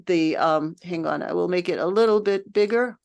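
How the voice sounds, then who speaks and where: A woman's voice: lowish voice, normal speed, creaky, darkish tone. A woman music director leading a text study, lecturing informally in a thoughtful, patient way while she searches for her words.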